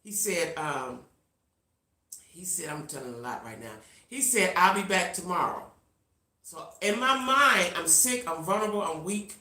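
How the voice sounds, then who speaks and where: A middle-aged woman hosting a live stream, telling a personal story in a casual, animated way and talking straight to her viewers. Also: lowish voice, unhurried, reverberant. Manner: reads out viewer comments. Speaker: livestream host.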